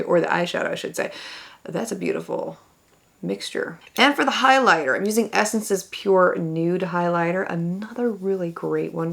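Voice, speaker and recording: Enthusiastic woman beauty vlogger walking through a makeup look, with a little vocal fry. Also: on the low side, a bit bright. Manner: enthusiastic, exclaiming over products. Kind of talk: makeup tutorial talk to camera.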